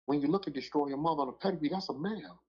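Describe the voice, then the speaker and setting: Husky-voiced man telling blunt stories. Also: fairly high pitch, very fast. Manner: emphatic, street slang, keeps asking "you know what I'm saying". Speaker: dog breeder on a podcast talk show. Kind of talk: casual storytelling chat. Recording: muffled lo-fi audio.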